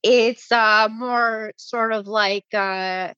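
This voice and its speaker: A woman from Canada hosts a loose podcast chat, blunt and quick to curse. Her voice sits a little high, and the recording is dry and slightly muffled. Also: steady tone, bright, forceful tone, smooth, no room sound. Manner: blunt, swears freely, quick back-channel replies. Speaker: podcast host. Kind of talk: casual chat.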